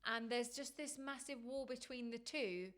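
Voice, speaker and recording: A woman's voice: fairly high pitch, moderate pace, fairly bright tone. A woman, a yoga teacher co-hosting a podcast, talking thoughtfully and reflectively with many agreeing interjections. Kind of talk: conversational podcast chat.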